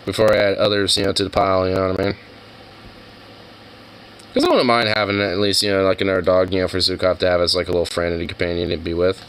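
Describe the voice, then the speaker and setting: A man's voice: low voice, little pitch movement, quick pace, fairly bright tone, a little hiss or hum, rough recording. A young man chatting casually over videos, rambling and swearing, with many fillers. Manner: profane, rambling, full of fillers. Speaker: streamer reacting to videos. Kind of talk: casual chat.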